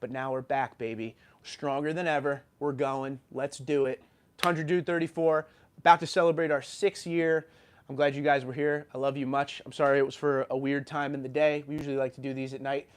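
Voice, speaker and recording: A man's voice: medium pitch, steady tone, fairly quick, smooth. A man from New York hosting a livestream, ranting animatedly and reading viewer comments, with a sore throat after being sick. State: sore throat, just recovered from illness. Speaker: YouTube channel host.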